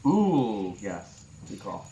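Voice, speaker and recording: Easygoing podcast host in a roomy space. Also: male voice, on the low side, sing-song, extremely slow, mellow, dull audio. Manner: easygoing, asks the questions. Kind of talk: casual chat. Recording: roomy echo.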